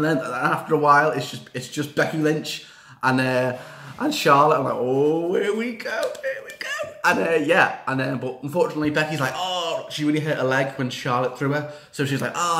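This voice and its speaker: Man, slightly high voice, rambling excitable vlog chat, echoey room. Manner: excitable, rambling, frequent fillers and repeats, bursts of cheering. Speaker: wrestling reaction vlogger. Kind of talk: excited casual reaction chat.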